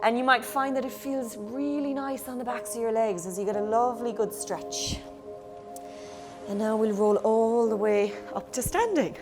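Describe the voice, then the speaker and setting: Bright high-voiced Irish woman teaching kids yoga. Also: steady tone, normal speed, music in the background. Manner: playful, encouraging, talks to the kids at home. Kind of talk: guided children's yoga class.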